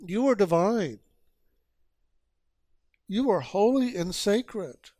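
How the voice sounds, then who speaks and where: Speaking slowly and deliberately, this spiritual teacher uses a fairly high voice with lively intonation and a dark tone. His sermon urges listeners through repetition and rhetorical questions, captured close and dry without any room sound.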